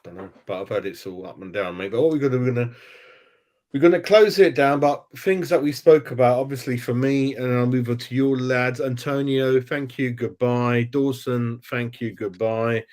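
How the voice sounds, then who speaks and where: A man hosts a casual football fan chat, and his pitch sits right in the middle of the male range. He talks in blunt, slangy banter, full of "mate" and "innit.". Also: brisk, darkish tone. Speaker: fan channel host.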